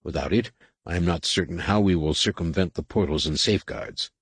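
A man voicing a gruff, suspicious scarred alien male warrior with a growling, curt delivery. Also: low-pitched, a little fast, dry recording.

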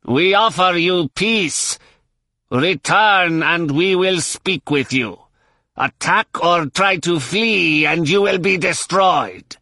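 A man reading an audiobook and voicing a bizarre, heavily accented alien commander who issues slow, menacing ultimatums. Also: sits high, pushed and bright, no echo, studio quality, voice pushed up, heavily acted.

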